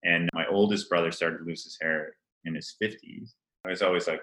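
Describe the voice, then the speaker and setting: A middle-aged man from Rhode Island with no regional accent, telling stories with an animated, laughing manner as an interview guest. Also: low-pitched, quick pace, echoey room, poor audio. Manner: animated storytelling with frequent laughs. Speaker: event planner guest. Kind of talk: casual interview chat.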